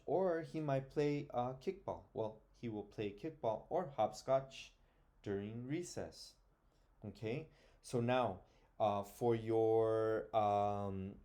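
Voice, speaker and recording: A man's voice: fairly low pitch, mellow. A middle-aged man teaching an online grammar lesson, patiently sounding out words and thinking aloud.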